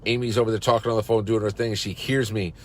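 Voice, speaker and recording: A man's voice: on the low side, level tone, fast talker, slight background noise. A company CEO, a man, giving a fired-up, salesy pep talk on a live social-media broadcast, outdoors in a park.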